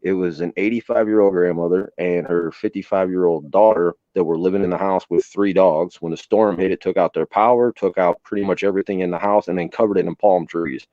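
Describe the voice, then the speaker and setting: A man's voice: low-pitched, fairly even intonation, fairly quick, hardly any pauses, no room sound, narrow, tinny audio. A man, a host and former emergency responder, telling stories in casual live-stream chat, plainspoken and swearing freely. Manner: plainspoken, swears freely, acts out quoted voices.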